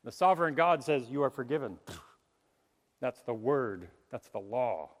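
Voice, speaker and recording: A man preaching a sermon, animated, chuckling and acting out the voices of the people he quotes. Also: mid-range voice, a little slow. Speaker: pastor. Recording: long hall reverb.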